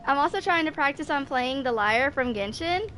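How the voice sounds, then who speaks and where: A woman's voice: high-pitched, expressive, moderate pace, a bit bright, slight background noise. A woman in her twenties chatting casually with viewers while streaming a game, full of fillers like "like" and "dude.". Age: 20s. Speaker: gaming streamer. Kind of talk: casual live-stream chat.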